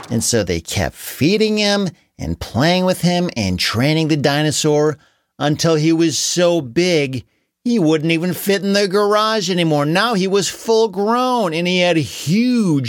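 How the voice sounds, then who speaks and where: An adult telling a children's story aloud in an animated, unhurried way. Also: mid-range voice, dry recording.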